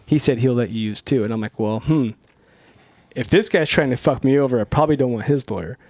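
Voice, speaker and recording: A man's voice: mid-range voice, fairly quick, no room sound. Guy from norcal telling wild stories on a podcast, swears a lot, does the voices. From Northern California. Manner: profane, animated storyteller acting out quotes. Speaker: podcast guest. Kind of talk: casual storytelling.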